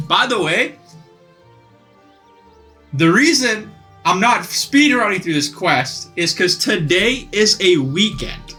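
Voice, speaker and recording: An excitable young man talking his way through a game, chatty and swearing. His voice is bright and forceful, and faint music plays under it. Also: sits high, slow pace, long pauses. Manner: excitable and chatty, swears and says bro a lot. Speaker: gaming video creator. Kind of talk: casual gameplay commentary.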